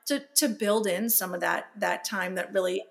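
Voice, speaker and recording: A woman's voice: mid-range voice, steady tone, normal speed, vocal fry. A woman hosting a podcast interview, talking in a casual, affirming and encouraging way. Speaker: podcast host. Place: Los Angeles area.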